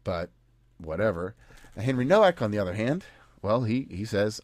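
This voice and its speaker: A man's voice: fairly low pitch, big pitch swings, normal speed, a little mellow, no room sound, clean studio sound. An American man hosting a podcast, talking in a casual, sarcastic and indignant way. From United States. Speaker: podcast host. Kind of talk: casual chat.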